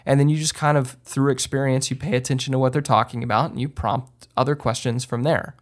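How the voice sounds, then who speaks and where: A man hosting a podcast, giving casual how-to advice in an emphatic way, with lots of ums and restarts. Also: brisk. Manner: lively swings up in pitch when stressing a point. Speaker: podcast host and filmmaker. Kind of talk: casual instructional talk.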